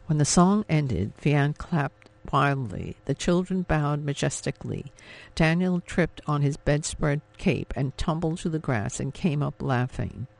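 A man narrating an audiobook in a steady, expressive storytelling manner. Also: fairly high pitch, measured pace, vocal fry. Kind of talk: scripted narration.

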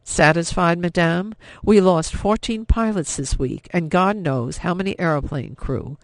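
A man's voice: on the high side, moderate pace, vocal fry, no room sound. A man playing a scared German captain. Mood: bitter. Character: frightened German army captain, man, drinking.

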